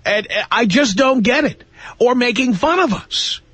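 A man's voice: very high voice, expressive, moderate pace, pushed and bright, husky, no echo. A man in his fifties hosting a call-in radio talk show, opinionated and wry. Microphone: studio microphone.

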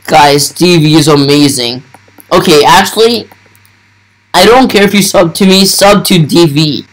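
A man's voice: fairly high pitch, measured pace, poor audio. Starstruck young man gushing over gameplay. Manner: starstruck, breathless exclamations. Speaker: gaming YouTuber. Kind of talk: excited gameplay commentary.

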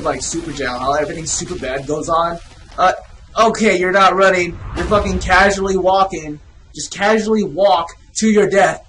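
A young man gives loose let's play commentary, his high voice leaping all over the place as he swears and trash-talks the monsters on screen. He jokes his way through the game with sudden yelps, and faint hiss sits under the voice. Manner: excitable, swearing, trash-talking the enemies. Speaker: gamer playing a horror game.

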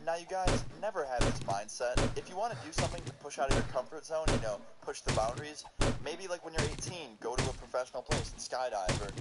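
A man casually telling a story over gameplay, animated and full of swearing. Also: medium pitch, fast talker. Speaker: gaming video host. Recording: loud background noise.

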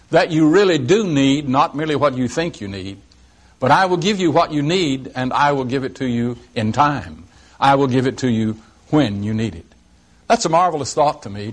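A mild-mannered male preacher delivering a sermon, speaking slowly and deliberately and reciting scripture in measured tones. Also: mid-range voice.

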